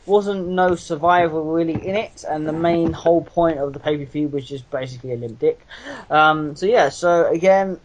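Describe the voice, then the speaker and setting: A man's voice: fairly high pitch, dull audio, a little hiss or hum. Rambling, swearing young man chatting wrestling. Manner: rambling, swears freely, restarts sentences. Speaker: podcast co-host. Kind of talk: casual wrestling chat.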